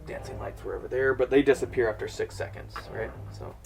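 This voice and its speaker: A man's voice: mid-range voice, steady tone, fairly quick, gravelly, a little mellow, soft background music. A man running a tabletop game as game master, easygoing and checking rules with the players.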